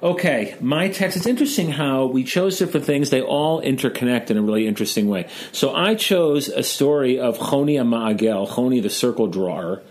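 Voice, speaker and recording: A man's voice: mid-range voice, animated, brisk, few pauses, a little mellow. A man from Chicago hosting a casual discussion, talking in a chatty, joking way and retelling a story. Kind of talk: casual discussion of Jewish texts.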